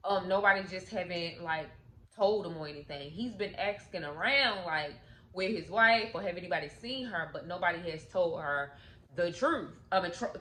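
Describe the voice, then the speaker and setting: A woman's voice: on the low side, pushed and bright. A woman casually recapping a movie plot in slangy, chatty speech, acting out the characters' lines as she goes. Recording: roomy echo with faint noise.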